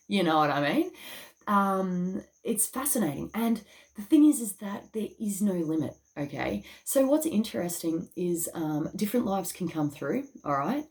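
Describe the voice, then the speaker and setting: Chatty Australian woman, slightly low voice. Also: lively intonation, unhurried, a little mellow. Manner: chatty, swears, says okay often. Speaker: spiritual channel and YouTuber. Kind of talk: casual talk to camera.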